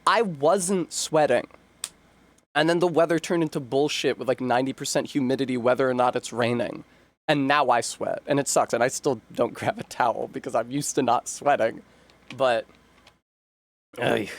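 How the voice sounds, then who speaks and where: A man's voice: medium pitch, moderate pace. A man chatting casually while live-streaming a game, rambling in a chatty way, full of fillers and self-interruptions.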